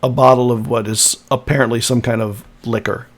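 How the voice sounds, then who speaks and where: A man narrating as game master in a tabletop roleplaying game, unhurried and descriptive. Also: medium pitch, flat delivery, crowd noise. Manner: unhurried, descriptive, chuckles often.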